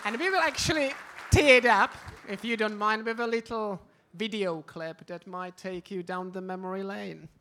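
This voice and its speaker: A man's voice: high-pitched, moderate pace, pushed and bright, a faint crowd. A man with a non-native English accent hosting a live panel in an event hall, wry and self-deprecating. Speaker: host.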